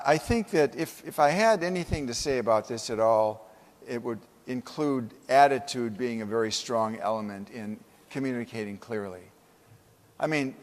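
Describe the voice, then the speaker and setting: A man giving a humorous, emphatic motivational keynote speech at a conference, full of stories. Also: medium pitch. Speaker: keynote speaker. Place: conference hall. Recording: echoey conference hall.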